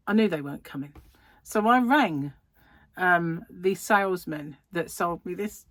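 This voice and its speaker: A woman's voice: lowish voice, unhurried, no echo. A middle-aged English woman chatting in a casual vlog, retelling an annoying delivery story with exasperation. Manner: animated, exasperated retelling with laughs. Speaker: crochet vlogger.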